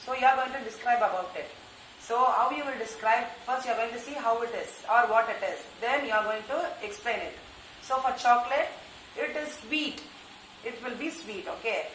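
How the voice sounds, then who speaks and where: A woman with an Indian English accent, teaching an English class and slowly stressing each word for pronunciation drills. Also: a little high, expressive, a bit bright. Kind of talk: recorded online class lesson. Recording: echoey room with faint noise.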